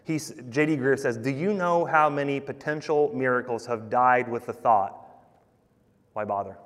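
A man's voice: mid-range voice, normal speed, fairly bright tone. A man preaching a sermon, conversational and emphatic, talking to the congregation as guys. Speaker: pastor. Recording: long hall reverb.

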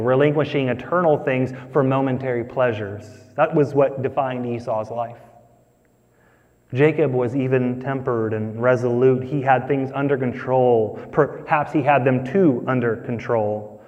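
Emphatic preacher in an echoey hall. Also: male voice, medium pitch, a little mellow. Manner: conversational, emphatic, asks the audience questions. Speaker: pastor. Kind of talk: sermon. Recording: echoey hall, dull sound.

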